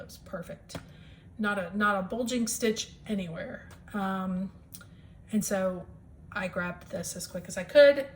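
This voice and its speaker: A US Midwest woman with a medium-pitched voice talks excitedly about her stitching from home, with slight background noise. Her cross-stitch vlog is a relaxed show-and-tell, and she says um a lot.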